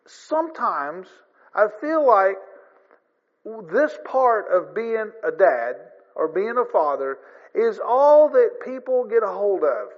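A man's voice: sits high, very animated, slow. A man preaching a sermon in an earnest, folksy way, rising in emphasis. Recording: long reverb, dull lo-fi sound.

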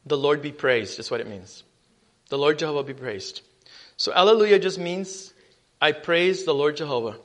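A high-pitched man delivers a sermon with emphatic force. He reads scripture loudly and then drops low to put questions to the congregation. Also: moderate pace. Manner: emphatic preaching, rising loud on scripture, dropping low on asides. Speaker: preacher.

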